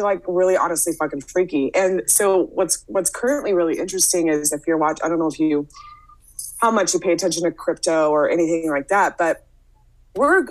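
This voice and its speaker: A woman hosting a casual podcast conversation, speaking in a brisk, opinionated way with frequent "um" fillers. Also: on the low side, low-quality recording.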